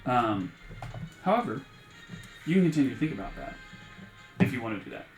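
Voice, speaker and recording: A man's voice: medium pitch, big pitch swings, fairly quick. A man acting as game master, casually explaining rules and scenes with many fillers. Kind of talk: running a tabletop game. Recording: echoey room with loud music.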